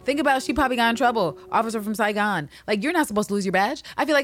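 A woman's voice: fairly high pitch, racing, hardly any pauses, fairly bright tone. A woman co-hosting a podcast, recapping an episode in casual, profane chat and acting out scenes in voices. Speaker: podcast co-host.

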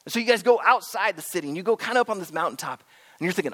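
A man preaching with a high, very lively voice that rises and falls a great deal as he tells a story dramatically. He speaks straight to the listeners as if they were there and sinks to a near hush at the solemn turns. His voice rings out with the long reverb of a large hall. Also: rapid-fire. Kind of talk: sermon retelling a story in the second person.

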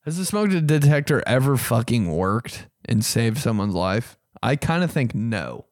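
A young man telling comic stories on his podcast, animated and profane, squeaking high to imitate a beeping alarm. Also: a little slow, no echo, studio quality. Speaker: comedian podcast host. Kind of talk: casual comedic storytelling.

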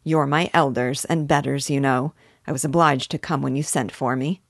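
A woman's voice: extremely low pitch, steady tone, normal speed, creaky, no room sound, clean studio sound, exaggerated voice. A woman reading the lines of a mocking, tipsy young man who sneers at his brother.

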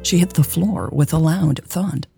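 A woman narrating a romance story in a slow, soft, intimate way, with faint music behind. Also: sits low, gravelly.

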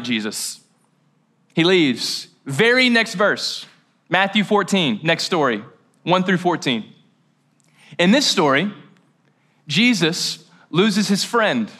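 During a church service, a Kentucky pastor from Mayfield, USA, keeps his sermon casual and joking, dropping slangy asides along the way. Heard through a handheld or headset mic, his voice is high-pitched and bright with a forceful tone.

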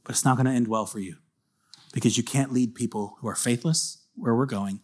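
A man voicing God as a stern, solemn male figure, speaking low and hushed in a sermon retelling. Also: moderate pace, close to an everyday voice. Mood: grave.

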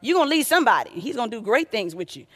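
A woman's voice: on the high side, sing-song, racing, slightly rough. Woman, sermon, conversational, talks to the crowd directly. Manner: warm conversational preaching, addresses audience as y'all. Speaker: preacher.

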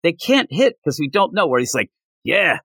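Male podcast co-host, bright and animated, sarcastic and exasperated. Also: fairly high pitch, a little fast, no echo. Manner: sarcastic, exasperated, mocks lines in put-on voices. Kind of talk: casual comic book review chat.

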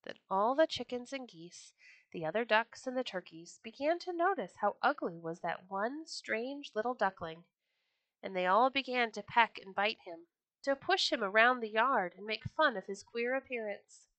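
A woman reading a children's story aloud with an expressive, gentle storytelling manner. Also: on the high side, normal speed, dry recording.

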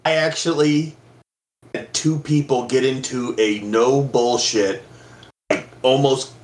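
A man's voice: mid-range voice, fairly even intonation, slow. A man co-hosting a casual podcast chat, ribbing and egging on his friends. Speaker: podcast co-host. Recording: roomy echo.

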